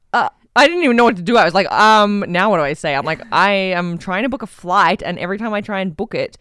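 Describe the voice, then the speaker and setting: A woman's voice: mid-range voice, dry recording, studio quality. A young woman telling a story in casual chat, laughing often and acting out what people said. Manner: animated, laughs often, acts out quotes.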